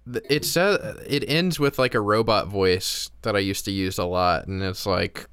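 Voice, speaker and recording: Smooth, dry-voiced laid-back man. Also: lowish voice, moderate pace, fairly bright tone, no echo. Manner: laid-back, rambling, many restarts and fillers. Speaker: podcast co-host. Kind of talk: casual chat. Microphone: remote call.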